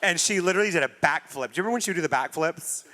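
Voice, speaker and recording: Male host, bright and crisp, animated storyteller who swears freely. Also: a little high, racing. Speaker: podcast host. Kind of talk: casual storytelling chat.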